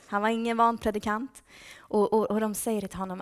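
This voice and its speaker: Woman, church speaker, mid-pitched voice, conversational, whispers at times. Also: level tone, a little fast. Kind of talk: church talk.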